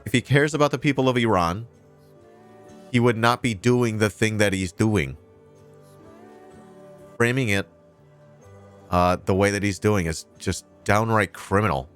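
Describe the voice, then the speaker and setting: Man, livestream host, sarcastic rant, profanity, slightly low voice, faint music behind. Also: unhurried, pauses often. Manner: sarcastic, ranting, swears freely. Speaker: livestream host reacting to news clips. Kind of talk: casual livestream commentary.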